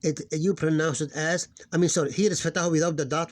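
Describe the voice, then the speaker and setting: A middle-aged man teaches in a fairly high voice. He talks casually and haltingly, often restarting his words and slowing down to spell out sounds. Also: steady tone. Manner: hesitant, repeats words, slows to sound out syllables. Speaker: Arabic teacher. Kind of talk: casual recorded lesson.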